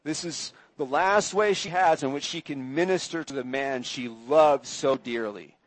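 A man preaching a sermon, retelling scripture in measured storytelling and voicing quoted speakers with feeling. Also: fairly high pitch, rough recording. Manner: measured storytelling, acts out quoted voices with rising intensity.

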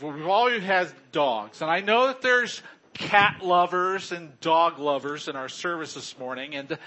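A man's voice: high voice, sharp tone. A middle-aged man preaching a sermon in a chatty, joking way, often chuckling. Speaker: pastor.

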